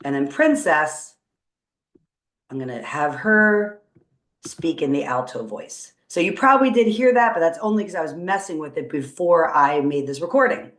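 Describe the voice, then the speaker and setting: A woman teacher talks through a coding tutorial in a fairly low voice, upbeat and encouraging as she thinks aloud. The room rings around her with a noticeable echo. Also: animated, moderate pace. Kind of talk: screen-recorded coding tutorial. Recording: roomy echo.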